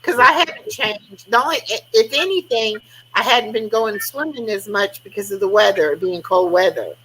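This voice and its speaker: A woman's voice: medium pitch, lively intonation, moderate pace, a bit bright, slight background noise, poor audio. An older woman, chatting casually on a live stream over a video call and acting out conversations as she tells stories. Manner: chatty storytelling, acting out quoted talk. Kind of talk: casual chat.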